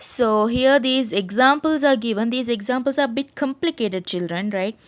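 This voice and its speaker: A woman's voice: a little high, normal speed. A woman from Sri Lanka teaching an English grammar lesson online, explaining step by step and checking in with "right?" after each point. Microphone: screen-share voice recording.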